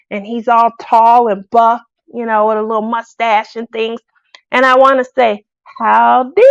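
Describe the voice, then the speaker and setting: A chatty woman host talks to her craft viewers in a casual, laughing way. Her voice sits a little high with a gravelly edge. The sound is dry and close. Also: no echo, muffled recording. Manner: chatty, laughs often, lively asides.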